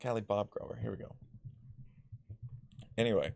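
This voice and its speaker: A man's voice: lowish voice, moderate pace, gravelly, darkish tone, no room sound. Rambling man telling stories, dry sound. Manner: rambling, filler-heavy, loses his thread; blunt, swears freely. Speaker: vlogger. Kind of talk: casual personal storytelling.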